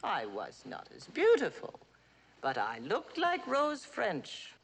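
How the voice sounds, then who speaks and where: A woman's voice: mid-range voice, wildly swooping pitch, takes it slowly, creaky, slight background noise, exaggerated voice. An actress playing a domineering, dying wealthy old mother in a 1960s TV drama, with a cutting, theatrical manner. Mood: wistful. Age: older.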